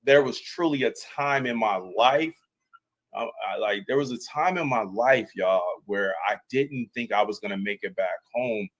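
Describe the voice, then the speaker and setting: Earnest male panel guest recounting his service, emphatic, mid-pitched. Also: normal speed, fairly bright tone, poor audio. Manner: earnest, emphatic, many restarts. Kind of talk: storytelling on a live panel.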